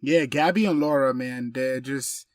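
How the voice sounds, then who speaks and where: A man co-hosting a podcast, recorded dry with no room sound. He recommends things with eager enthusiasm at an ordinary middle pitch. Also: a little slow, no room sound. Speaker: podcast co-host. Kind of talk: casual chat.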